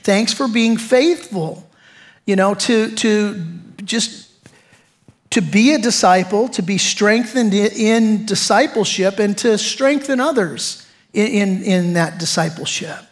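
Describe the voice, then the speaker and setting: A man's voice: high-pitched, a little slow. Man, middle-aged, pastor delivering a chatty, punchy sermon. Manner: conversational, emphatic preaching with rhetorical questions.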